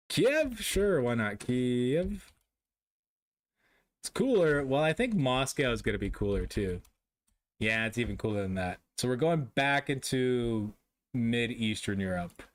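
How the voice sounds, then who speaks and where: A young man streaming live, chatting casually with his viewers while playing a guessing game, joking at his own expense and laughing often. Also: medium pitch. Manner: jokey, self-mocking, laughs often.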